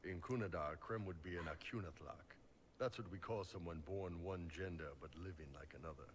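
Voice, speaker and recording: Iron Bull, a man voicing a gruff horned mercenary chief. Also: low voice, brisk, lightly acted. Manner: blunt, dry humor. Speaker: video game character. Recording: game audio under steady noise.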